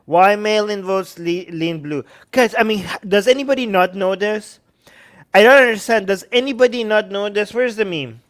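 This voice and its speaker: A man with a high, smooth and clear voice hosts a live-stream commentary. He reads news snippets aloud, breaks off to answer viewer comments and slips into mocking impressions of people. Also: normal speed, fairly bright tone. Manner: sarcastic, mocking impressions of others. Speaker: host.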